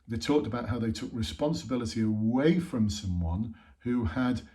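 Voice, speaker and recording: Direct man coaching, dark mellow voice. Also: mid-range voice, moderate pace. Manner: direct, emphatic, asks rhetorical questions. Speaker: police interview coach. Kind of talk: instructional talk.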